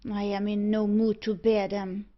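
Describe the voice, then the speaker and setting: A bitter, desperate young gentleman, as a woman reads him in an audiobook. He speaks slowly and tensely at a middling pitch. The sound is a little dull and lo-fi. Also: completely flat delivery, close to an everyday voice.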